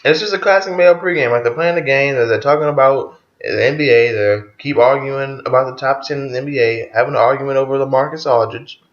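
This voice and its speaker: Talking fast with few pauses, a medium-pitched man gives an offhand, profanity-laced rundown of an album's tracks, laughing often. The recording is lo-fi, dull and roomy.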